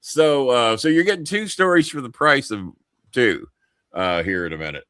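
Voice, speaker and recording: A man's voice: mid-range voice, expressive, normal speed, a bit bright, clear, resonant tone, no echo, studio quality. An older male host telling rambling, profane stories, laughing as he goes. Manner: rambling, swears freely, laughs mid-sentence. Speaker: show host. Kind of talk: profane comic storytelling.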